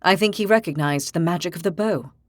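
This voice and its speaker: Woman doing a calm young ranger leader. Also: high-pitched, a little fast, dry recording, clean studio sound, close to an everyday voice.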